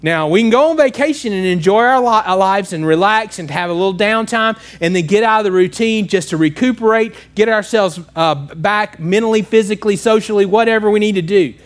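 A man's voice: sits high, a little fast, hardly any pauses. A man preaching a sermon to his congregation in a church, talking conversationally and often checking in with questions.

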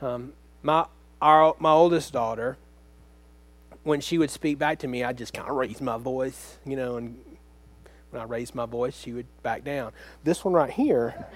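A man's voice: medium pitch, takes it slowly, pauses often. A man preaching a sermon as pastor, speaking earnestly and conversationally, often turning to the congregation with direct questions.

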